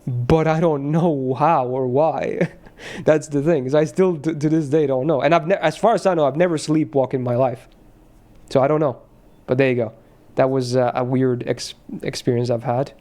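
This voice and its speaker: Male streamer, casual rambling chat, mid pitch, loose and sweary. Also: fairly even intonation, normal speed, dark tone. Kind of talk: casual chat while gaming.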